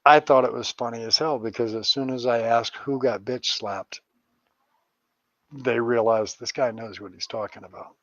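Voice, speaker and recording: A middle-aged man talks as a guest in an interview, rambling from one story to the next and dropping crude jokes and swear words. His voice sits at an ordinary pitch. The recording is dry and dull. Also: fairly even intonation, normal speed, a bit bright, no echo. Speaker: psychic medium and paranormal investigator guest.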